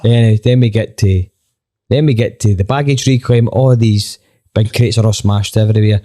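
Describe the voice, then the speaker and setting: A Scottish man, a band member on a podcast, telling a lively anecdote with plenty of swearing and acted-out dialogue. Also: lowish voice, moderate pace. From Scotland. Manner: animated, swears freely, acts out quoted dialogue. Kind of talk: casual storytelling anecdote.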